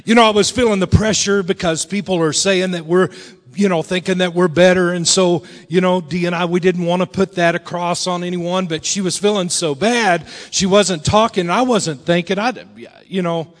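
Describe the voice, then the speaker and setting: A middle-aged man preaching a storytelling sermon in a church, folksy and animated, swinging between loud bursts and low, quiet lines. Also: normal speed. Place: church sanctuary. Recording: long reverb of a large hall.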